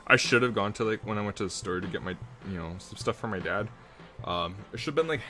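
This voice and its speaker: A man's voice: fairly low pitch, quick pace, sharp tone, soft background music. A young man chatting casually and rambling while he draws live at home, speaking close into a good desk mic. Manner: rambling, self-deprecating, chatty with filler words. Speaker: artist drawing live. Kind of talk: casual live-stream chat while drawing. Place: hot room at home.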